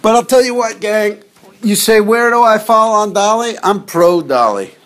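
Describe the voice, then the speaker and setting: A man's voice: high voice, normal speed, a bit bright. A man hosting a podcast, rambling jokingly and calling his listeners gang while he watches TV clips. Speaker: podcast host. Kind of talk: casual comedic monologue over TV clips.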